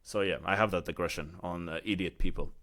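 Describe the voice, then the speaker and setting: Heated and chatty, this Emirati vlogger from the United Arab Emirates tells a casual story, peppering it heavily with "like" and "you know." He speaks briskly in a low-pitched voice with a fairly bright tone and an Emirati accent.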